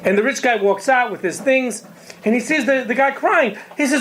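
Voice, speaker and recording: A woman telling a story to children in a lively way, acting out the people in it. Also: on the high side, moderate pace, a little hiss or hum, rough recording. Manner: lively, acts out the characters in the tale.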